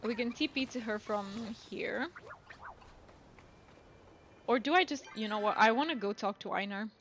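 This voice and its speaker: A woman's voice: on the high side, moderate pace, fairly bright tone, a little hiss or hum. A woman streaming a game, chatting casually and musing aloud to her viewers. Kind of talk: casual gameplay commentary.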